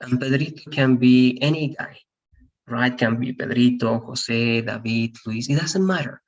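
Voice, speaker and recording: A man speaking a little slowly in a mid-range voice leads an online English grammar lesson, and the sound is dull. He explains patiently and confirms his students understand by saying "all right?" again and again.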